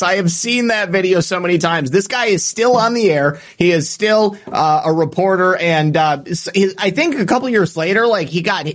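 Brief: male stream host, somewhat high voice, casual and chatty, reads out viewer comments. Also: a bit bright. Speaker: live-stream show host. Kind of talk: casual live-stream chat.

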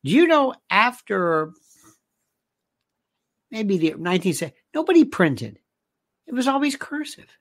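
An older host giving an animated, indignant monologue, reading listener comments aloud and firing off rhetorical questions. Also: mid-range voice, unhurried, pauses often, no echo.

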